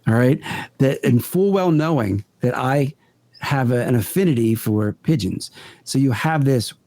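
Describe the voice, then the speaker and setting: Mellow-voiced man telling earnest stories. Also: mid-range voice, lively intonation, dry recording. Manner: earnest, deliberate, builds stories step by step. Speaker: podcast guest, paranormal investigator. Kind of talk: conversational storytelling in an interview.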